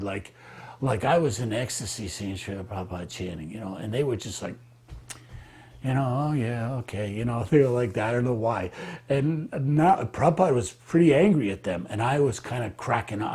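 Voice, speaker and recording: A man telling a personal memory in an animated, halting way, with many fillers and restarts. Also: mid-range voice, breathy edge. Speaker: devotee recalling memories. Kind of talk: animated storytelling.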